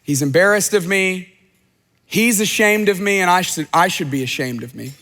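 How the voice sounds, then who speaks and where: High-voiced man preaching in a reverberant hall. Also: normal speed, pushed and bright. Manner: earnest preaching, acts out quoted speech. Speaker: pastor. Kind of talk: sermon.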